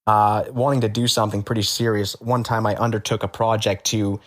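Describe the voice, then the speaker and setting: A man as an interview guest, telling stories in a halting, matter-of-fact way with many fillers. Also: fairly low pitch, little pitch movement. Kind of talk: conversational storytelling.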